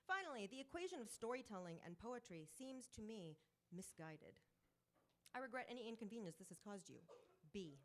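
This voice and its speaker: A woman's voice: medium pitch, moderate pace. Woman reading poetry at an open mic. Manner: expressive, repeats words rhythmically. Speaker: poet performing at an open mic. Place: bookstore open mic, live audience.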